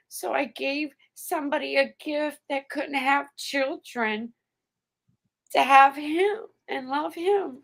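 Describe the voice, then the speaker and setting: Slow high gravelly woman. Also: a bit bright. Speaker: guest. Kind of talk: casual chat.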